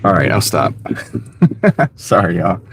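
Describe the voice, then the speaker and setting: Easygoing male driver live-streaming from his car; mid pitch, loud car noise underneath. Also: normal speed. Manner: rambling, easygoing, many fillers. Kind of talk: casual live-stream chat. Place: inside a car while driving.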